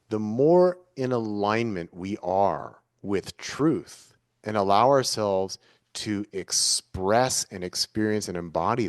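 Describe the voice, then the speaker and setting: A man's voice: fairly low pitch, a little mellow, no echo, clean studio sound. A man speaking as an interview guest, talking in an earnest, searching way and restating his ideas in several forms. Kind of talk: reflective conversational interview.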